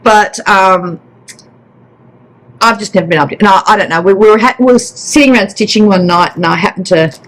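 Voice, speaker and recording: A woman's voice: mid-range voice, a little fast, poor audio. A woman hosting a casual stitching vlog, chatty and rambling with restarts. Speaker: flosstube host. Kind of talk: casual chat.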